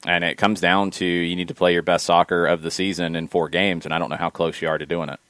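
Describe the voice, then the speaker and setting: Deep-voiced man ranting about soccer. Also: little pitch movement, fairly bright tone, no room sound. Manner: rambling, opinionated, quick asides. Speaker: podcast co-host. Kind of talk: casual sports chat.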